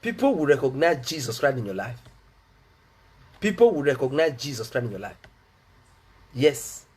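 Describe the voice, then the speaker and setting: A man's voice: medium pitch, big pitch swings, moderate pace, a little mellow, breathy edge. A Nigerian man preaching as a pastor, fervent, repeating his phrases and laughing between lines. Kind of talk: preaching a sermon.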